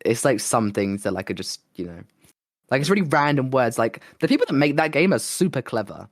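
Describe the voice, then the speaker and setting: A man co-hosting a podcast, hoarse and losing his voice, chatting casually and rambling with plenty of "like". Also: medium pitch, lively intonation, brisk, dry recording, clean studio sound. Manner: rambling, lots of "like" and restarts. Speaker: podcast co-host and streamer. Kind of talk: casual chat.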